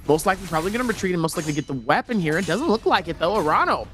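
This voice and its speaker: A man's voice: high-pitched, sing-song, very fast, hardly any pauses, a bit bright, slight background noise. A man casting an esports tournament live, joking with chat and laughing often between play-by-play calls. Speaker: esports caster.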